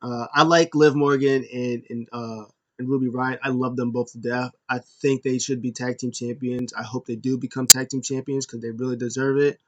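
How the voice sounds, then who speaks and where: A man talking at a middling pitch as he recaps a wrestling show in a loose, casual way. He rambles and corrects himself often, and breaks out in excited bursts now and then. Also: normal speed, hardly any pauses. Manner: rambling, many fillers and self-corrections.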